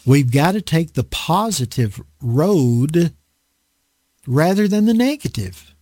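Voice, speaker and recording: Guy preaching a bible study, pitch swings all over, dry close sound. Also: sing-song, takes it slowly, darkish tone, breathy edge, dry recording. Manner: conversational, self-deprecating, acts out quoted voices. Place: dry indoor room.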